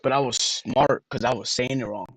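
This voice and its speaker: A man's voice: mid-range voice, moderate pace, fairly bright tone, slight background noise, rough recording. An American man livestreaming, talking casually and sounding words out letter by letter. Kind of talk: casual rambling stream talk.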